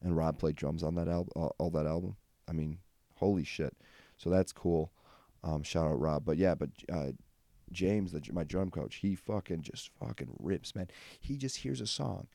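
A man's voice: low voice, moderate pace, gravelly, dark tone, dry recording. A young man hosting a comedy podcast alone, rambling through stories with lots of fillers and self-deprecating jokes. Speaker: podcast host. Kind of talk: solo comedic rant.

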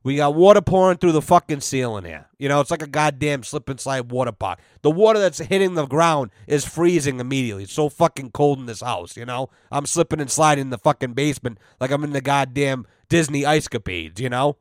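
A man's voice: medium pitch, fairly quick, hardly any pauses, dry recording, clean studio sound. A man telling a rambling, profane work story on his podcast, full of fillers and quoted back-and-forth dialogue. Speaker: podcast host. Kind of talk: casual storytelling.

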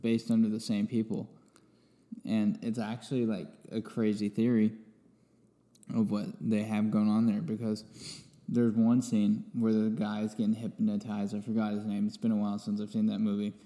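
A man's voice: on the low side, completely flat delivery, moderate pace, warm tone, big-room sound. A man guest-hosting a podcast in casual chat, loose and trailing off mid-thought. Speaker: guest co-host.

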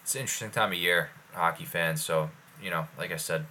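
A man's voice: low-pitched, brisk, sharp tone, slight background noise. A man co-hosting a casual sports podcast, rambling with lots of fillers. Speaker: podcast co-host.

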